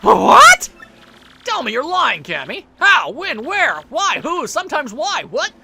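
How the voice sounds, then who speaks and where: A man voicing a loud, grumpy giant turtle king villain who blusters and shouts in a comic way. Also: high-pitched, very animated, normal speed, creaky, over loud music, full character voice. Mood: blustering.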